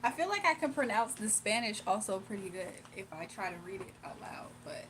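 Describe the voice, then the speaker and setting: Brisk and lively in intonation, this young woman's medium-pitched voice carries over background noise as she chats on a livestream. She reads chat aloud, laughs frequently and teases her viewers in a playful way.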